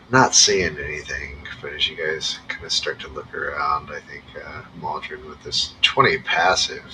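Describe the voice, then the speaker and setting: A man's voice: very deep voice, pushed and bright. A man running a tabletop game, describing scenes casually with lots of fillers. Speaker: game master. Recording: distant mic, faint noise.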